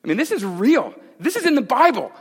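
A man pastor preaching a sermon in a conversational way, with dramatic swings between loud and hushed. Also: very high-pitched, big pitch swings, brisk, slightly rough. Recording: echoey hall.

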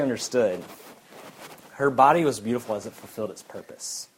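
A man delivers a sermon in a middle-pitched voice. He is earnest and emphatic and circles back to repeat his points. A faint hiss sits under the recording. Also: normal speed, pauses often, low-quality recording. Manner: earnest, repetitive emphatic preaching. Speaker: preacher.

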